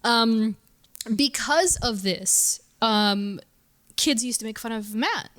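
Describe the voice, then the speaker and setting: A woman's voice: a little high, takes it slowly, a bit bright. A woman co-hosting a podcast in casual chat, rambling with fillers and laughing easily. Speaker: podcast co-host.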